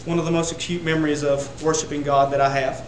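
A man delivers a sermon to his congregation, his voice sitting a little high. He builds to loud, emphatic peaks on repeated phrases. The sound is roomy, with a faint hum of ambience behind him. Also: level tone, fast. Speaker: preacher. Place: church sanctuary.

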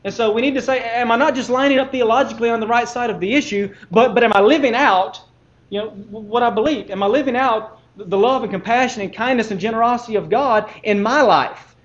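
A man preaching a sermon in an earnest, measured way, often restarting his words and putting questions to the congregation. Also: very high voice, dull audio.

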